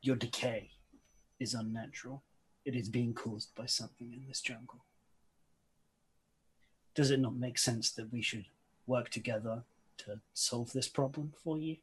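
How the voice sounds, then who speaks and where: A man playing a husky, power-hungry adventurer. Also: mid-range voice, fairly even intonation, a bit bright, poor audio. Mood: earnest. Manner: measured, persuasive delivery.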